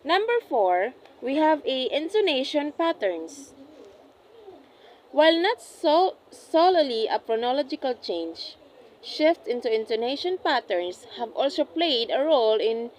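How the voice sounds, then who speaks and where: A young woman, a student, reading a class report aloud, carefully and deliberately, often correcting herself mid-phrase. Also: high-pitched, big pitch swings, darkish tone, slight background noise, low-quality recording. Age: young adult. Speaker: student presenting an assessment.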